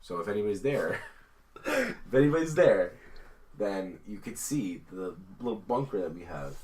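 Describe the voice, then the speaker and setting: A man's voice: on the low side, moderate pace. A young man hosting a casual podcast from a small concrete room, telling stories animatedly and acting out quotes. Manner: animated storytelling with acted-out quotes. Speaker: podcast host. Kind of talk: casual chat.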